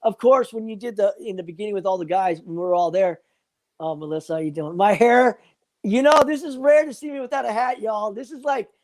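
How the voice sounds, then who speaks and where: A man's voice: sits high, fairly quick, a little mellow. An older man joking and rambling profanely as a guest on a live stream, calling in from his phone. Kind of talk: casual live-stream chat.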